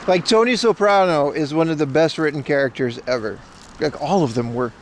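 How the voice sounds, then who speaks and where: A man livestreams while walking outdoors on city streets, chatting casually and answering his chat in a rambling, opinionated way. His voice is a little high and brisk, with slight background noise.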